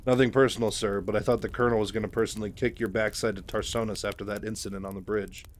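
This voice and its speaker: A man's voice: fairly low pitch, flat delivery, quick pace, natural voice. A man voicing a composed female army lieutenant who speaks formally and politely.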